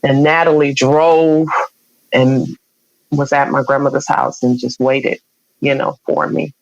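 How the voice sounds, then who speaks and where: Extremely low-pitched and flat, her unhurried voice carries vocal fry. A radio program director guesting on a podcast, she tells a personal story candidly, conversationally, with many quoted exchanges; the audio is dull and dry.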